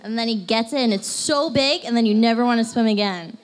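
A woman's voice: fairly high pitch, brisk. A woman co-hosting a trivia night, chatting casually with sarcastic, self-mocking jokes. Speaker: co-host. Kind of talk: casual banter.

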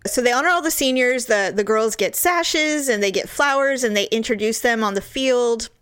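A woman in her forties chatting casually as a podcast host, candid and quick to laugh, with frequent swearing. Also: a little high, fairly bright tone, clear, resonant tone, dry recording. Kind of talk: casual chat.

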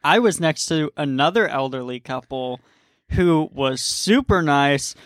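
A man's voice: a little high, expressive, measured pace, a bit bright, dry recording. A young man hosting a casual studio chat in an easygoing, agreeable way.

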